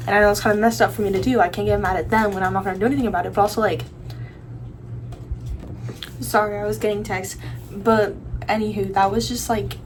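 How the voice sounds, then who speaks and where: A woman's voice: mid-range voice, steady tone, fast talker, pauses often, slight background noise, low-quality recording. A young woman in her teens ranting casually to the camera, rambling with lots of fillers and restarts. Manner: rambling, full of likes and restarts. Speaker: vlogger.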